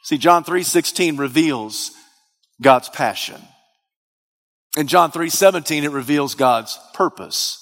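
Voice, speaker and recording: A man's voice: on the high side, expressive, slow, a bit bright. A man preaching a sermon with dynamic delivery, his voice rising into emphatic, sung-out peaks. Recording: long reverb of a large hall.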